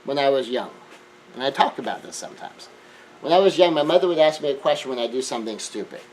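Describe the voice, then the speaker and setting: A man giving an earnest self-help lecture, shifting between hushed remarks and emphatic raised lines. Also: medium pitch, animated, fast talker, a little hiss or hum, poor audio. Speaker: speaker.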